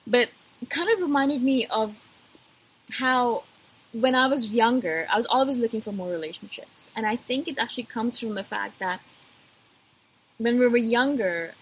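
A woman's voice: a little high, normal speed, a bit bright, slightly rough, rough recording. A woman vlogger talking casually to camera, emphatic and repetitive, addressing her viewers directly.

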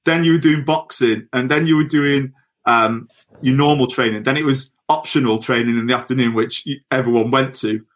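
A man's voice: mid-range voice, moderate pace. A middle-aged man, a former footballer, telling anecdotes on a podcast in a chatty way, laughing as he goes. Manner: chatty, laughs through his stories.

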